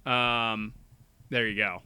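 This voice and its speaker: Bright, animated young man co-host. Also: on the low side, takes it slowly, clean tone, no room sound. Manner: animated, jokey, laughs often. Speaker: podcast co-host. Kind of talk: casual chat.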